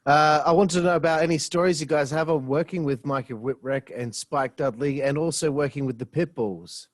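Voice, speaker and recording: A man's voice: on the high side, steady tone, brisk, no echo. A man hosting a podcast, asking casual questions and laughing along with his guests. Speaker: podcast host.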